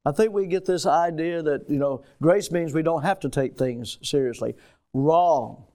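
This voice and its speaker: High-voiced man preaching emphatically. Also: moderate pace. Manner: emphatic preaching that swings between loud stresses and hushed asides. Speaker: pastor. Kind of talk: sermon.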